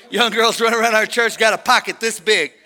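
An older man preaching a sermon, telling a family story with call-and-response and shouts at the high points. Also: steady tone, moderate pace, in a large hall. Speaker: pastor. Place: church sanctuary.

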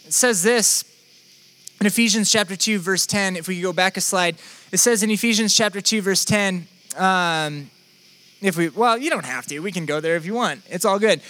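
A man's voice: high-pitched, normal speed, sharp tone. A young man preaching a sermon in a conversational, playful, self-deprecating way. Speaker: pastor.

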